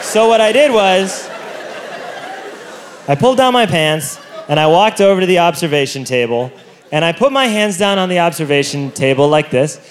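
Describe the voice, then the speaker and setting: A man doing a stand-up comedy routine on stage, telling a self-mocking story with loud outbursts into a handheld mic. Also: high voice, animated, normal speed. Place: comedy stage before an audience. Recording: live comedy show with audience laughter.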